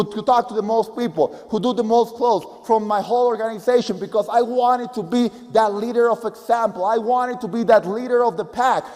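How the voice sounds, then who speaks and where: A native Spanish speaker with a Spanish accent, this man works as a business coach and gives an energetic, emphatic, repetitive motivational speech. His voice is very high-pitched, and the audio has a long reverb tail.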